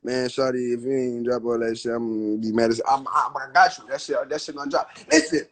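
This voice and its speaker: A man's voice: mid-range voice, steady tone, fairly quick, low-quality recording. A young man venting on a phone livestream, rambling, swearing and trailing off mid-thought. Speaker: rapper on livestream. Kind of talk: livestream rant.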